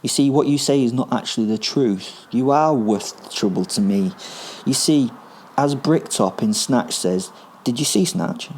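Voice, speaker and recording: A man's voice: mid-range voice, moderate pace, a little mellow, slight background noise, pitched above the performer's own voice, natural voice. A man voicing a smug, cruel man taunting street thugs in a raised, mocking voice.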